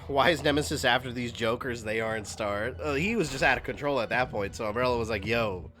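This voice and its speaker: A man's voice: mid-range voice, fast talker, sharp tone. A man streaming a video game, giving casual, rambling commentary full of fillers. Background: game music.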